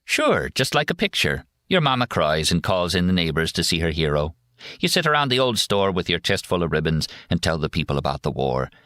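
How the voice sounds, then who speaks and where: A man's voice: low-pitched, sing-song, fairly quick, sharp tone, no echo, clean studio sound, exaggerated voice. A man voicing a sardonic young male soldier who mockingly describes a hero's homecoming. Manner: sarcastic, mock-cheerful storytelling.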